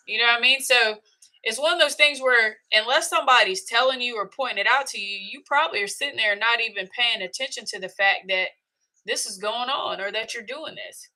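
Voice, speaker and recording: Woman, middle-aged, talk host; bright tone, emphatic and conversational. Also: on the high side, brisk, low-quality recording. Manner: chatty, emphatic, acts out her inner voice. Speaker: podcast host. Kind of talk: casual talk to camera.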